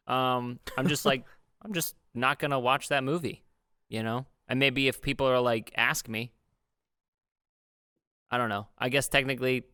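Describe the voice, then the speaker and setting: A man's voice: mid-range voice, pushed and bright, clear, resonant tone, no echo, studio quality. A man co-hosting a casual film podcast, rambling with lots of fillers. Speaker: podcast co-host. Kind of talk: casual film review chat.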